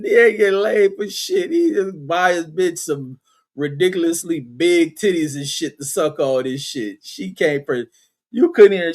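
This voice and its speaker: A man hosting a casual livestream, reading chat comments aloud and answering with profane, laughing commentary. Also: sits high.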